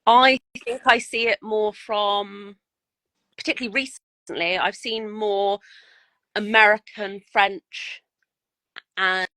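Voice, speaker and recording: A woman's voice: medium pitch, fairly even intonation, slow, sharp tone, dry recording, rough recording. A woman, a guest miniature painter, chatting bluntly and frankly on a podcast and swearing freely. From United Kingdom. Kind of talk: casual podcast chat.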